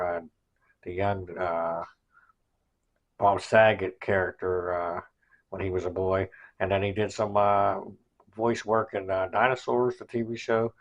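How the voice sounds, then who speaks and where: A man's voice: low-pitched, dull audio. A man hosting a podcast, casually recapping in a rambling way with many fillers. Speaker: podcast host.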